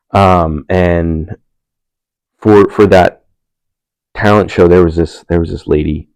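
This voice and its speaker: Deep-voiced young man telling stories. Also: gravelly, darkish tone, dry recording, rough recording. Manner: laid-back, self-mocking, laughs often. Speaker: panel speaker. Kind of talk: personal storytelling.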